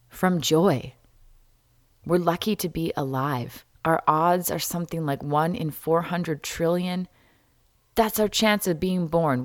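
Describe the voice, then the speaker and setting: A woman hosting a solo podcast, talking candidly and wryly, jumping between loud jokes and quiet asides. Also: on the low side, dry recording, studio quality. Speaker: podcast host.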